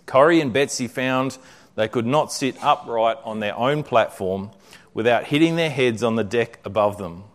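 A man's voice: medium pitch, moderate pace. A man preaching a sermon in a conversational way, then reading a story aloud. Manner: conversational, with frequent fillers and restarts.

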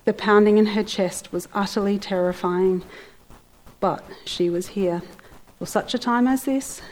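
A woman narrating a story in an expressive, theatrical way with playful asides. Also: medium pitch, poor audio.

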